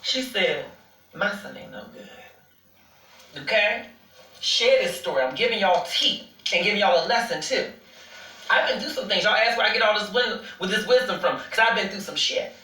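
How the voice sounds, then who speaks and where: A woman's voice: mid-range voice, animated, brisk, bright, forceful tone, roomy sound, recorded from a distance, rough recording. A woman host telling a personal story to her viewers in a sassy, casual way, calling them honey and swearing freely.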